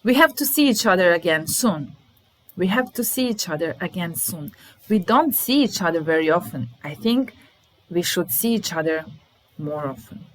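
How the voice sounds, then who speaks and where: A woman's voice: fairly low pitch, animated, normal speed, low-quality recording. A woman with a Serbian accent teaching an English lesson, repeating example sentences and explaining them. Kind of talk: language lesson.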